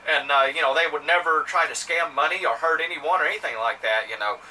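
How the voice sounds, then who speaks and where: A man's voice: a little high, fast, sharp tone. A man from Mississippi with a Southern accent, telling a story to camera in a rambling, indignant way, with lots of fillers and restarts. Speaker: vlogger. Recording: somewhat distant mic with faint ambient noise.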